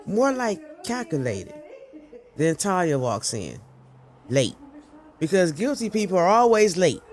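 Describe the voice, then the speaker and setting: Sassy, profane woman storyteller. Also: sits low. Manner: sassy, profane, chatty asides. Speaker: podcast host. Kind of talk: dramatic storytelling narration.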